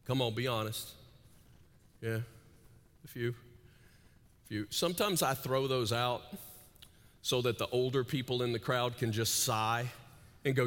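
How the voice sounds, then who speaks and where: A man preaching a sermon, his voice bright and pitched a little high for a man. He rises to soaring intensity, drops to hushed asides, and keeps checking in with "right?". The sound rings out with a long reverb in a big church hall. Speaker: pastor. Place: large church auditorium with several sites. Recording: echoey hall.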